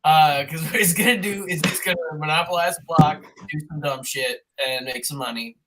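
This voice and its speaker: A podcast co-host recapping an old film in a rambling, profane, excitable way, sometimes doing quick mock voices. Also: medium pitch. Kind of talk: casual comedic chat.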